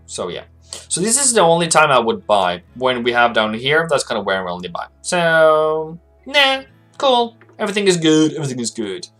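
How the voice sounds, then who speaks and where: A man's voice: medium pitch, fairly bright tone. A man hosting a casual live stream about trading, chatting loosely and reading viewer messages aloud. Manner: rambling and chatty, reads viewer chat aloud. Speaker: livestream host, forex trading analyst.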